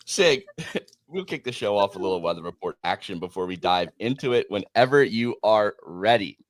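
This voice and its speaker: A man hosting a podcast, leading the chat with energetic, laughing banter. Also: fairly low pitch, normal speed, no room sound. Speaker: podcast host.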